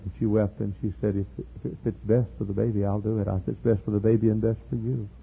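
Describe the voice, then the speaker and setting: A middle-aged male pastor telling a story in a sermon, earnest, repeating words and building to loud emphatic peaks. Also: lowish voice, little pitch movement, quick pace, creaky, breathy edge. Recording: tinny lo-fi sermon tape.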